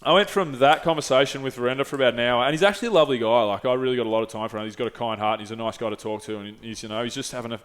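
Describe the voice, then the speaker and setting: A man, hosting a podcast and telling a story casually, swearing often and dropping his voice low for emphasis. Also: rapid-fire, few pauses, a bit bright, clean tone. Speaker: podcast host.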